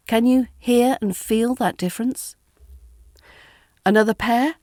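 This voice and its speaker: A woman with a British RP accent teaching pronunciation in a deliberate, scripted lesson, modelling each word clearly. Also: a little high, steady tone, darkish tone, no room sound, clean studio sound. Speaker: accent coach.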